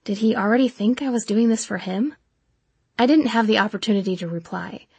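A woman narrating a first-person novel as an audiobook in a steady, even storytelling manner. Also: medium pitch, a little fast, gravelly, husky, no room sound.

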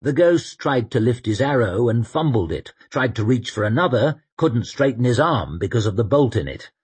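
A man narrating an action story in a steady, dramatic storytelling manner. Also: medium pitch, normal speed, breathy edge. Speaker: audiobook narrator. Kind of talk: scripted narration.

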